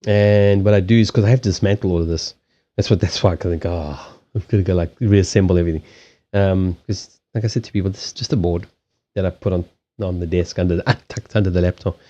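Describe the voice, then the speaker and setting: A man with a low, mellow voice chats loosely on a live stream, circling back on himself and swearing casually. He talks into a desk microphone, and the sound comes through dull and lo-fi. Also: fairly even intonation, quick pace. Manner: rambling, many restarts, casual swearing. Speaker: live streamer and card reader. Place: desk in a small home. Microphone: desk microphone on a stand.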